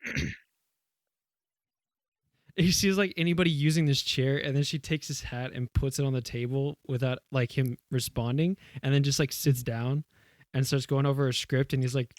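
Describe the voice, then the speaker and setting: A man's voice: medium pitch, fairly even intonation, normal speed, dry recording, studio quality. A young man co-hosting a podcast, rambling through a casual story with lots of fillers and swearing. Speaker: podcast co-host. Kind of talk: casual chat.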